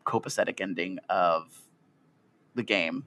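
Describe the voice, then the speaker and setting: A man's voice: low voice, a little slow, bright, forceful tone. A man co-hosting a podcast in casual chat, giggly and rambling with lots of fillers. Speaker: podcast co-host.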